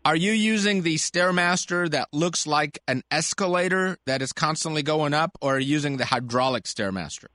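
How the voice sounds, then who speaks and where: A man hosts a call-in sports medicine radio show in an animated, chatty way. His voice is bright and a little high. It sits close and dry on the studio mic. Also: normal speed, few pauses, no room sound. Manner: animated, chatty, laughs easily.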